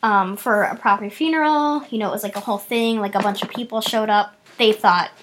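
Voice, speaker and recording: A woman's voice: mid-range voice, a bit bright, a little hiss or hum. A woman co-hosting a casual chat, reading out news stories and reacting to them. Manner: chatty, fast bursts, laughs often. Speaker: podcast co-host.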